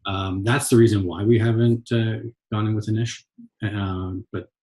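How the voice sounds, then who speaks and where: A man from Canada, an agency owner, talking as a guest in a relaxed, halting way with many pauses and restarts. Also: fairly low pitch. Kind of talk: casual interview chat.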